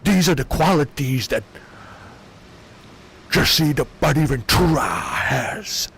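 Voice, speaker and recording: A man doing a comedic impression of a boastful older tough-guy ex-wrestler politician, in a slow, gravelly drawl. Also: fairly high pitch, animated, fairly bright tone, slight background noise, full character voice. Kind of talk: comedic impression while gaming.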